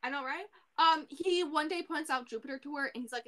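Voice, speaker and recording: A woman co-hosting a podcast, casually recapping a book in an animated way, full of fillers and the odd swear. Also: sits high, quick pace. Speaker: podcast co-host.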